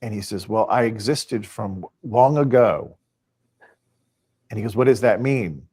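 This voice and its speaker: A man's voice: on the low side, a little slow, darkish tone, breathy edge. A man on a podcast, casually retelling stories and acting out the quoted dialogue. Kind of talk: casual storytelling.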